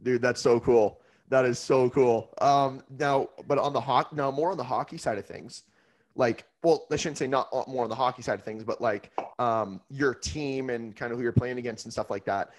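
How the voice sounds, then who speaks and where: A man's voice: mid-range voice, normal speed. Upbeat male podcast host. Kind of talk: casual interview chat.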